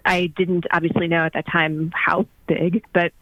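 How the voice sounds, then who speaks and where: A woman's voice: fairly low pitch, level tone, no echo. Brief: chatty woman guest, muffled remote audio, dry. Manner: chatty and upbeat, quick storytelling. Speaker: guest, marketing executive. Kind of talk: casual podcast conversation.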